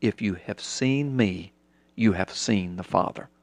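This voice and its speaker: A man's voice: measured pace, no room sound. A preacher explaining scripture in a conversational, sermon-like way, acting out quotes with big jumps in his voice. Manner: animated, acts out quotes with big pitch jumps.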